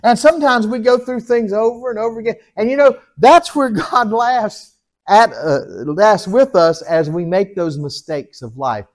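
Male pastor, slightly high voice, folksy sermon with chuckles and call-and-response. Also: expressive, moderate pace.

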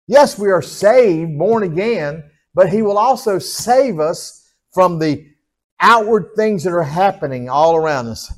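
A middle-aged pastor, his voice sitting a little high for a man. He preaches in a homey, folksy way, calling on the congregation, sinking to a soft low hum, then swelling into loud exhortation. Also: expressive, unhurried. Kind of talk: sermon.

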